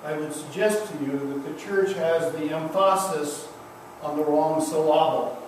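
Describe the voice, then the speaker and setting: Slow, high-voiced pastor in echoing church. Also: male voice, a little hiss or hum. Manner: slow, emphatic preaching with repeated refrains. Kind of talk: sermon. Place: church sanctuary. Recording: echoey church from a distance.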